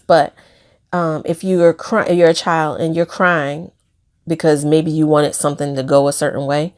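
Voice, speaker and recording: A woman sharing a reflective personal video diary, hesitant, with many fillers and small laughs. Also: sits low. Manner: soft-spoken, hesitant, many fillers, laughs while talking about pain. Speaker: vlogger.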